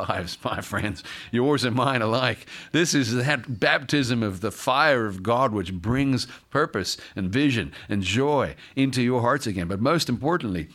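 A pastor reading scripture aloud during a sermon, breaking off often to comment and joke with the congregation. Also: male voice, mid-range voice, a bit bright.

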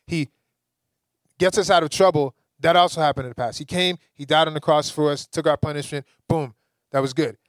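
A young preacher from the Caribbean delivers a sermon with lively energy. He keeps building to emphatic high points. His voice sits a touch high, and the sound is dry and close. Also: brisk, dry recording. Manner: lively, rising to emphatic peaks.

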